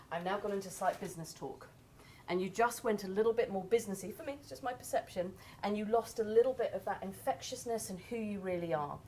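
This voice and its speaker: A woman's voice: mid-range voice, a little hiss or hum, poor audio. A woman, giving frank but kind feedback to a speaker. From England. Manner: frank, reflective, gently corrective. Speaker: judge.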